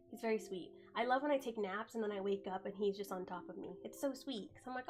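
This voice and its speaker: A woman's voice: medium pitch, quick pace, few pauses, a little mellow, soft background music. A woman in her twenties chatting casually on a live stream as she gets over the flu, rambling with lots of fillers and talking to her cat. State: getting over the flu, occasional cough.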